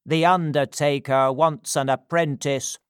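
A man's voice: on the high side, steady tone, unhurried, clear, resonant tone, no room sound, studio quality, natural voice. A man voicing a bossy, blustering middle-aged workhouse official who barks orders in a storybook reading. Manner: loud, blustering.

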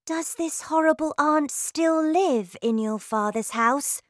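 Lady reading as a clever little girl, high and eager, slow careful lines. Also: no room sound, clean studio sound.

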